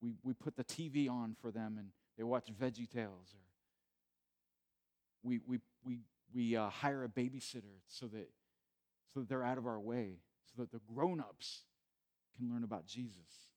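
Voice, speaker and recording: A man's voice: medium pitch, moderate pace, darkish tone. Male pastor preaching in church, conversational, stumbles over words, builds to emphatic peaks. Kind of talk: sermon.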